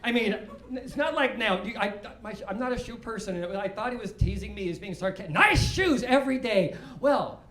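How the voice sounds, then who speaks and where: A man's voice: high-pitched, brisk, hardly any pauses, fairly bright tone. A man from Seattle doing a stand-up comedy set before a live audience, telling dry, self-deprecating stories and often laughing. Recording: roomy club sound.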